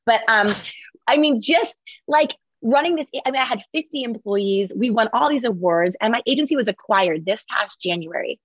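Energetic, husky-voiced woman guest. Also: on the high side, normal speed, no echo, dull audio. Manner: energetic, emphatic, motivational. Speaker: guest, author and entrepreneur. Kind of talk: conversational interview.

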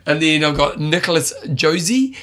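A man co-hosting a podcast, rambling through jokes and quick asides in casual chat. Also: on the high side, expressive, fairly bright tone. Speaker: podcast co-host.

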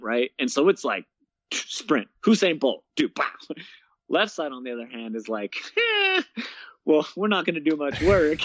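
A young man, a guest, casually telling his story in an interview, animated and laughing often, peppering his talk with "man" and "bro.". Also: medium pitch, dry recording. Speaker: guest, fitness coach and speaker. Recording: dull, dry lo-fi sound.

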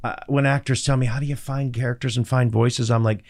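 A middle-aged man with a raspy, textured voice, chatting as a voice actor guest on an interview show and telling stories with sarcastic asides. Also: medium pitch, a little fast. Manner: animated storyteller, sarcastic asides. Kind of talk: casual interview chat.

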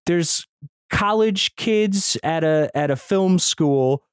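Excitable podcast dude chatting, swears a lot, voice sits a bit high, dry mic. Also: male voice, slow, clear, resonant tone, no room sound. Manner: excitable, swears, laughs often. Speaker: podcast co-host. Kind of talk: casual podcast chat.

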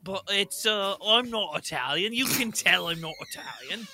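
Sheepish man improviser, bright, animated voice, dry close sound. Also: sits high, normal speed. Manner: sheepish, flustered. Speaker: improv performer. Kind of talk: improv comedy scene.

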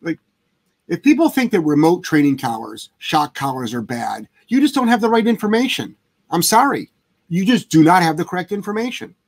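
Man, dog trainer host, blunt, swears a lot, husky, slightly high voice. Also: very animated, moderate pace. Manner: blunt, profane, emphatic. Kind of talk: casual livestream chat answering viewer questions.

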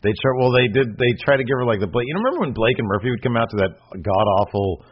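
A man co-hosting a podcast in casual chat, rambling and animated, with many fillers and restarts. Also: medium pitch, quick pace, husky. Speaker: podcast co-host. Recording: slightly muffled lo-fi audio.

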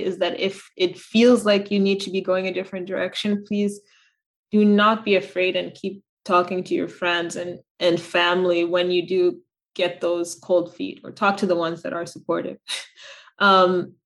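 A woman guest on a podcast talking casually and reflectively, with many fillers and restarts. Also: medium pitch. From United States. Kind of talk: casual interview chat.

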